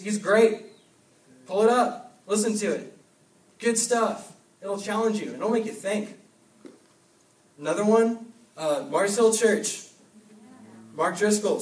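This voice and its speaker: A young man giving an energetic youth sermon, urging with short repeated commands. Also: high voice. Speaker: youth pastor. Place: church hall. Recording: echoey hall, mic from a distance.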